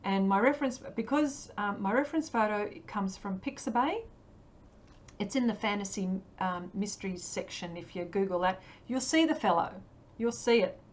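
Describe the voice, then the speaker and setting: A woman's voice: mid-range voice, normal speed. Chatty Australian woman full of ums. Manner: chatty and hesitant, many ums, laughs often. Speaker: livestream artist. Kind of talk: casual livestream chat while painting.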